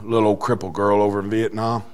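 An older man preaching a sermon, telling a story in a quiet voice that breaks into fervent shouting. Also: fairly low pitch, little pitch movement, fast, slight background noise.

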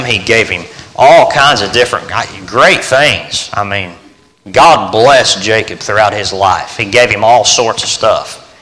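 A middle-aged man preaching a sermon, telling a personal story earnestly, dropping to hushed tones and then building to emphatic points. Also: mid-range voice. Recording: long hall reverb.

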